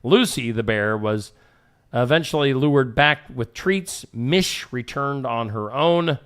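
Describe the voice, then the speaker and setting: A man's voice: medium pitch, lively intonation, slow, fairly bright tone, smooth. A man hosting a casual morning show, reading odd news stories in a joking way. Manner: jokey, reads odd news stories and puts on silly voices. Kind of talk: casual radio show banter.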